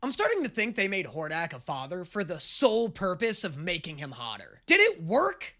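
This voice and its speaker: A man hosting a reaction video, speaking in an excitable, sarcastic and profane way. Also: sits high, moderate pace, very noisy. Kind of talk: casual reaction commentary.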